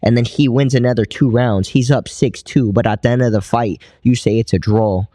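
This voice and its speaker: A man's voice: medium pitch, steady tone, normal speed, mellow, dry recording, studio quality. A young man who boxes professionally, a guest on an interview show, talking in a laid-back, slangy way and often adding "you know". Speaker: pro boxer, guest. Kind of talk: casual interview chat.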